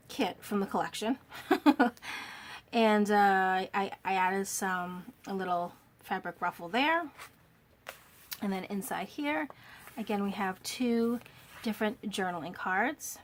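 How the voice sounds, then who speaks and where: In a home craft space, with a camera on a stand filming, a woman softly gushes over a handmade journal in a casual show-and-tell walkthrough. Her mid-range voice is a little worn, as if she's slightly losing it, and she talks a bit slowly, admiring everything with lots of fillers and restarts. A faint room hum sits in the background.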